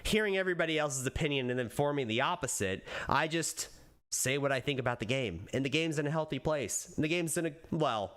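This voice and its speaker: A man streaming live, chatting casually and rambling excitably while he browses videos, laughing often. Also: on the high side, a little fast.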